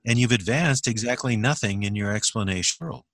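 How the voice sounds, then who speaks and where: Man, low and punchy voice, measured arguer in casual chat. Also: a bit bright, dry recording. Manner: measured, argumentative, deliberate. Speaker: discussion partner. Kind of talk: casual philosophical conversation.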